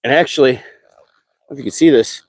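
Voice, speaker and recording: A man casually chatting on a live stream while fishing, excitable and talkative, whooping when thrilled. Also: medium pitch, brisk, slightly rough, no echo.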